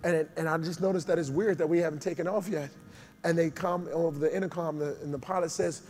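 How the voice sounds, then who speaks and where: A man preaching a sermon and testifying, speaking, moving from low conversational storytelling to shouted climaxes. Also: steady tone, quick pace, in a large hall. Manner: conversational, testifying, acts out quoted dialogue.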